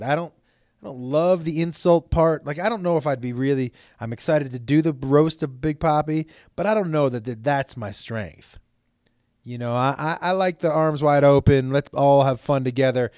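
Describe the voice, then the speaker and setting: A man's voice: a little high, a little mellow, no room sound, studio quality. A man hosting his own podcast in casual solo chat, rambling and jokey, swearing freely, with stammered restarts. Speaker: podcast host.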